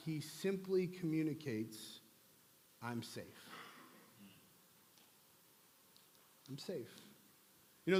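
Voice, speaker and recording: Man pastor preaching, chatty and jokey, kinda high voice, big hall echo. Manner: humorous, conversational, animated. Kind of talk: sermon. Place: church sanctuary. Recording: long church hall reverb.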